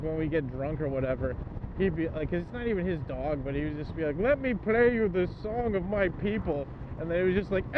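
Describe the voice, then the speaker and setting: A young man with a slightly high voice rambles and jokes to his viewers as he rides a motorcycle, swearing freely. The sound is muffled and dull, with loud road and wind noise from the moving bike behind him. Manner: rambling, profane, joking to viewers. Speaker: motorcycle travel vlogger. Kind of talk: casual riding commentary.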